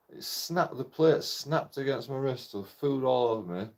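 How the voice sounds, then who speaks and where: A man's voice: medium pitch, a little mellow. A young man tells a personal story in a casual, rambling way. He swears constantly and breaks off with short laughs between phrases. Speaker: channel host telling a personal story.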